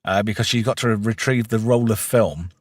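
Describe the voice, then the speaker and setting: A man's voice: lowish voice, normal speed, dry recording, clean studio sound. A man hosting a casual film review chat, retelling the plot and quoting lines with gusto. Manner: recaps plot with lively quoted lines and frequent laughs. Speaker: podcast host.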